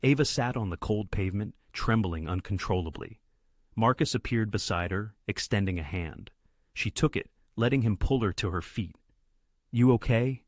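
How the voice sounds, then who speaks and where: A man reading a dramatic story aloud in a steady narration. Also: fairly low pitch, moderate pace, no echo, studio quality.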